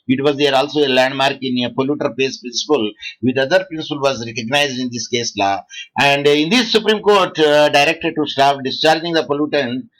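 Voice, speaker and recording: A man from India, giving a law lecture to students, halting often and quizzing the class. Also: mid-range voice, fairly bright tone, low-quality recording. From South India.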